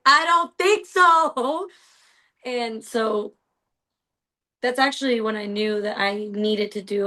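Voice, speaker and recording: On a roughly recorded podcast, the host, a woman whose voice runs on the high side, rambles earnestly and casually through a personal story, peppering it with "like" and "you know."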